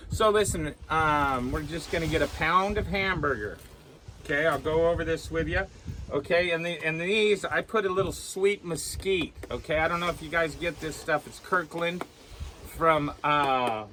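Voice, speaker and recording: Male cooking vlog host, slightly high voice, loose and rambling, keeps checking in with "okay?". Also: unhurried, sharp tone, slight background noise. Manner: rambling, tags sentences with "okay?". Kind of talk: casual cooking demonstration. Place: aboard a small sailboat.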